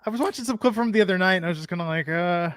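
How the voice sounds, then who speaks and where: Co-host, male, high voice, dry close sound, rambling anecdotes with laughs. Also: very fast, a bit bright, clear, resonant tone, dry recording. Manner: rambling storyteller, laughs often. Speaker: podcast co-host. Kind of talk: casual chat.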